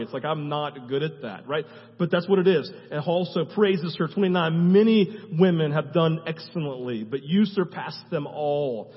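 A man with a fairly high, husky voice preaches a conversational sermon and keeps asking his listeners "right?". The recording is muffled, with long reverb from a church hall. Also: normal speed. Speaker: pastor. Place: church sanctuary.

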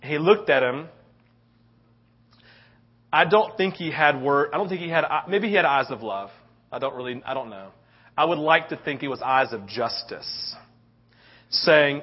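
A man's voice: fairly high pitch, lively intonation, normal speed, long pauses, breathy edge. A middle-aged man preaching a sermon, telling a story with lots of "right?" tag questions. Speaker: pastor. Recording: dull lo-fi sound.

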